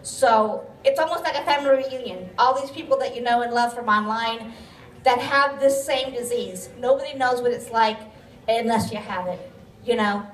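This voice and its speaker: Woman with grandchildren, winded, candid and chatty, higher voice, picked up from afar in a roomy hall. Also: normal speed, far from the mic. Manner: candid, chatty, gently joking. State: out of breath. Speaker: patient speaker. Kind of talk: public talk at an event. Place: event venue. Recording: echoey hall, mic from afar.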